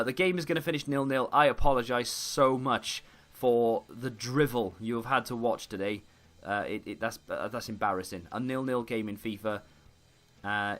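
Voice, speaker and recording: A man with a lowish but fairly bright voice narrates his own football video game match live for his YouTube gaming audience. Frustration runs through his commentary, along with self-deprecating remarks.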